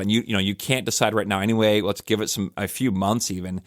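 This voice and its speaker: A man's voice: on the low side, fast, a bit bright, no echo, clean studio sound. A man in his forties hosting a church podcast, talking in a casual, reflective way with lots of fillers and restarts. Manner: conversational and rambling, many fillers and restarts.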